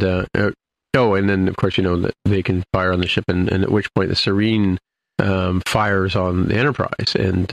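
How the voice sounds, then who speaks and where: Man, very deep voice, gravelly, rambling casual recap, lots of ums and restarts. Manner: rambling, many fillers and restarts. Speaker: podcast host recapping an episode. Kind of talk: casual chat.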